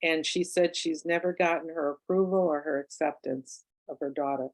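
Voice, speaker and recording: Speaking at a book club, a past-life regressionist and author relates one of her client cases in a loose, conversational way, with fillers and digressions. Her voice is low and steady, her pace moderate, and the recording quality is poor.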